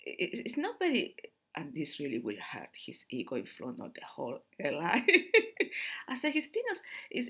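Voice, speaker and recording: A woman's voice: fairly high pitch, slightly rough. A middle-aged woman talking casually to camera as a vlogger, chatty, laughing often and restarting her sentences.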